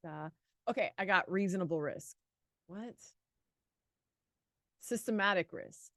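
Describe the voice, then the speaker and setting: A woman co-hosting a live exam study lesson, chatty and quick to laugh, thinking aloud through answers. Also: mid-range voice, a bit bright, no room sound, studio quality. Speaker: exam prep co-host.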